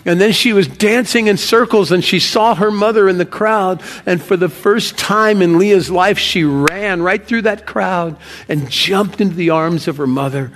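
An actor playing Josiah, a devoted ancient Hebrew father who earnestly recounts a miracle, shifting between loud wonder and hushed awe. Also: high voice, measured pace. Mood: earnest storytelling. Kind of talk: dramatic first-person monologue.

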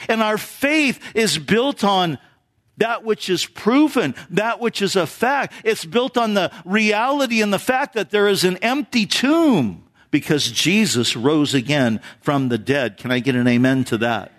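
A man's voice: high voice, lively intonation, a little slow, fairly bright tone. A male pastor preaching a sermon in church, talking with the congregation through rhetorical questions.

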